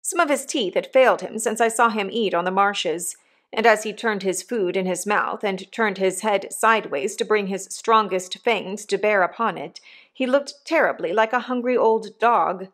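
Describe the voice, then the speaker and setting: A woman narrating an audiobook of a classic novel in a measured, even storytelling manner. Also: medium pitch. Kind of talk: scripted narration.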